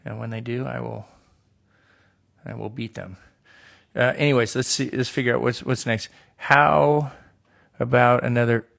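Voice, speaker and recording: Gravelly man joking on a phone live stream. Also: mid-range voice, fairly even intonation, normal speed, long pauses, a bit bright. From United States. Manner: reads questions aloud and riffs with dry, joking sarcasm. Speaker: actor answering fan questions on a live stream. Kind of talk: casual solo live stream chat. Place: indoor room with a window.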